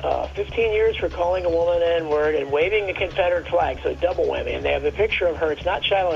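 A man's voice: high-pitched, creaky, highs cut off. A man chatting on talk radio in a rambling way, stopping and restarting his sentences often. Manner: rambling, halting, many restarts. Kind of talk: casual talk radio chat.

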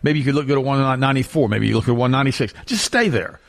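A man's voice: medium pitch, racing, vocal fry. A man hosting a talk show, ranting emphatically about diet and repeating words to drive points home.

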